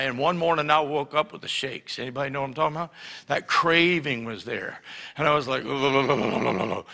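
A man preaching a sermon, telling a personal story with animated, acted-out quotes. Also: fairly high pitch. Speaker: pastor. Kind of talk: sermon testimony. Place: church sanctuary. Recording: church hall reverb.

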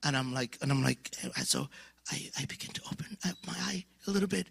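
A man's voice: mid-range voice, brisk, vocal fry, husky, dry recording, studio quality. A man in his fifties from Africa, preaching at a church conference and telling a story with acted-out dialogue and sudden whispers. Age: 50s. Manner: animated, acts out dialogue, drops to whispers. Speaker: guest preacher. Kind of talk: storytelling sermon.

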